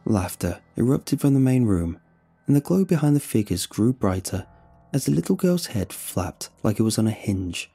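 A man narrating a horror story in an expressive, suspenseful way. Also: fairly low pitch, breathy edge.

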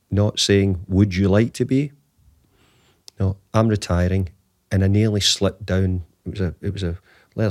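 A man's voice: on the low side, darkish tone, dry recording, studio quality. A man in his fifties, a guest telling a long anecdote in an interview, rambling with frequent restarts. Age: 50s. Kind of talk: storytelling interview answer.

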